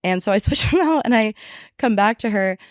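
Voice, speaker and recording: A young woman casually telling a story from her restaurant job, animated and profane, with lots of fillers. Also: mid-range voice, fairly quick, dry recording, studio quality. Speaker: podcast guest.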